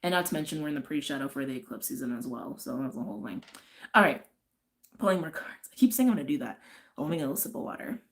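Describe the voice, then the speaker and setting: A woman's voice: sits low, lively intonation, very fast. A woman doing a casual tarot and astrology reading, chatty and rambling, often drifting into tangents and filling her talk with "like" and "right". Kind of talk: casual spiritual reading chat.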